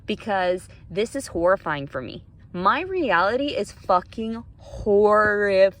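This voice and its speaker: A woman pours out a frightened, angry rant straight to her viewers. She swears freely and talks in an agitated, unsettled way. Her voice sits at a middle pitch. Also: expressive, a little slow. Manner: profane, agitated, fearful. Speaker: vlogger. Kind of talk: emotional vlog rant.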